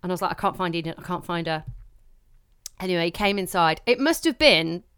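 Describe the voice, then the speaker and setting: A woman co-hosting a podcast, telling a story in animated bursts that speed up when she relives the panic. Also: lowish voice, fairly quick, clean tone, no room sound, clean studio sound. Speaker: podcast co-host. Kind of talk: casual chat.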